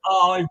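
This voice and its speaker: An English man, long settled in Western Australia, calls into a live stream with a slight Australian twang in his accent. His voice is high for a man, and he speaks haltingly. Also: sharp tone. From England, living in Western Australia. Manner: hesitant, halting speech. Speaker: caller.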